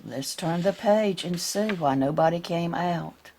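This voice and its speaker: A woman reading a picture book aloud to children, gently asking them questions along the way. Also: on the low side, a little slow, a little hiss or hum.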